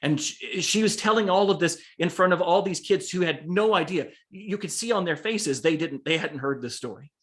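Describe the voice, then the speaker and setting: A man's voice: high-pitched, normal speed, few pauses, a bit bright. Earnest man speaking on a video call. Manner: earnest, conversational, with frequent restarts. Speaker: author. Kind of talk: online talk and Q&A. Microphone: video call microphone.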